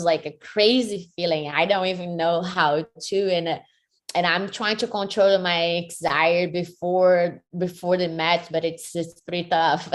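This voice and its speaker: A woman, a fighter answering interview questions energetically, with many "like" fillers. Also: lowish voice. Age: 30s. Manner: energetic, frequent "like" fillers, second-language phrasing. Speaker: MMA fighter and jiu-jitsu athlete.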